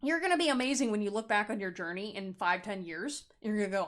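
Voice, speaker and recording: A woman tarot reader giving a pick-a-card reading to camera, animated, blunt and playful, and often laughing. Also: mid-range voice, fast talker, hardly any pauses.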